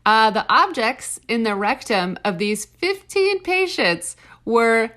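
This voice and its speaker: Slow, playful woman podcast co-host. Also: a little high, sing-song, bright, forceful tone. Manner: playful, reads quotes with comic drawn-out emphasis. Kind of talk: casual podcast chat.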